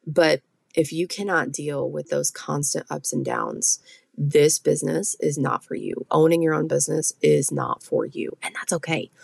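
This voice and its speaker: A woman's voice: low voice, gravelly, a little mellow, husky, no room sound, clean studio sound. A woman hosting her own podcast in casual solo talk, blunt and profane, often checking in with "okay?". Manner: blunt, swears freely, keeps asking "okay?". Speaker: podcast host and med spa owner.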